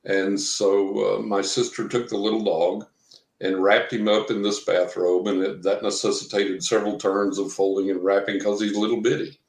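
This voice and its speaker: A man's voice: on the low side, flat delivery, normal speed, darkish tone. A man from Texas, a guest in an interview, rambling through a personal story and acting out what people said. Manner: rambling storyteller, acts out quotes. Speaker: guest, professional psychic reader. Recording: roomy echo.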